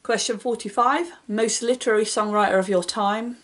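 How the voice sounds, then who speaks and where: A woman book vlogger in casual chat, reading each question out brightly and answering in an offhand, self-deprecating way. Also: fairly high pitch, steady tone, moderate pace.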